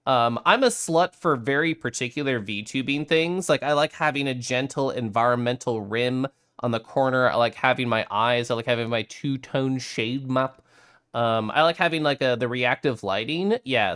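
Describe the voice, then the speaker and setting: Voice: mid-range voice, a bit bright. A streamer chatting casually on a live stream, reading out viewer messages, greeting viewers and laughing often.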